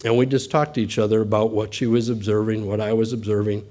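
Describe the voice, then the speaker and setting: A man's voice: lowish voice, steady tone, fast, dark tone. A middle-aged man, a bank executive, giving a talk to an audience in a folksy storytelling way, acting out quoted dialogue.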